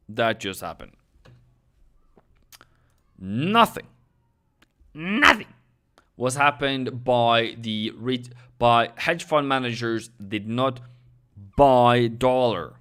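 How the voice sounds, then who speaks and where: A young man hosting a live forex analysis stream, speaking slowly and deliberately at a middle pitch. His voice is smooth and clear, with non-native English phrasing, frequent fillers and self-corrections as he addresses viewers directly. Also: expressive, bright, forceful tone. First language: Norwegian. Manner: talks directly to viewers, thanks subscribers. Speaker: forex trading host.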